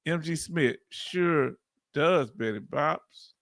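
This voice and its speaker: A man's voice: on the high side, takes it slowly, no room sound, studio quality. A man in his fifties with a Southern US accent, hosting a casual livestream and reading viewer comments aloud. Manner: chatty, reads chat aloud, bursts of laughing excitement. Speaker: veteran livestream host.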